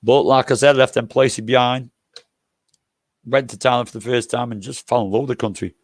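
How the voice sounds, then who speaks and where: A man's voice: mid-range voice, steady tone, fairly quick, dry recording. An older man hosting a livestream, telling rambling, jokey anecdotes and swearing freely. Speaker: livestream host.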